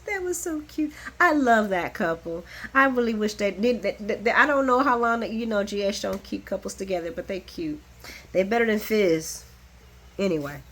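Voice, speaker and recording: A woman giving a casual, animated recap of a soap opera, chatty and blunt, laughing often and swearing freely. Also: mid-range voice.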